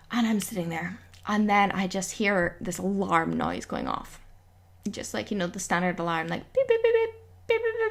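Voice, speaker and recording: A young woman telling a story on her vlog, exasperated and giggly, acting out what everyone said. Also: medium pitch. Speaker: vlogger.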